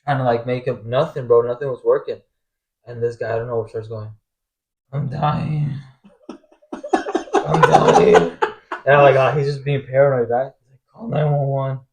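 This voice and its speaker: A man's voice: mid-range voice, a little fast, background noise. A young man from Argentina, a professional soccer player, telling a story as a podcast guest with lots of casual fillers. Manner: animated, heavy slang fillers like bro and like.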